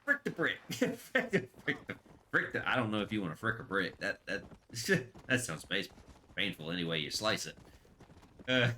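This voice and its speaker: A man's voice: on the low side, animated, normal speed, sharp tone, slight background noise. A man casually commenting while streaming a western video game; he is chatty and rambling and laughs often.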